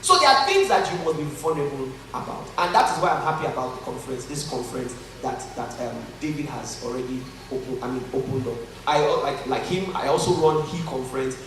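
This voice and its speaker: A man's voice: medium pitch, expressive, a little fast, few pauses, a bit bright, slight background noise. A man with a Nigerian accent giving a motivational conference talk, joking and earnest by turns, heard from a distance in a large hall. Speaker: conference speaker. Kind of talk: motivational talk to a live audience. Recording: echoey hall from far off.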